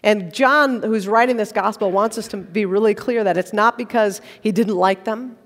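A woman's voice: medium pitch, moderate pace. A woman preaching a sermon in a church, praying and reading scripture with conversational, playful asides. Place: church sanctuary. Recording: long reverb of a large church.

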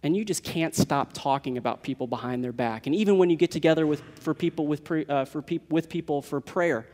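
High-voiced man preaching a sermon. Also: a little fast, darkish tone, long reverb tail. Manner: earnest, building to emphatic declarations. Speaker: pastor.

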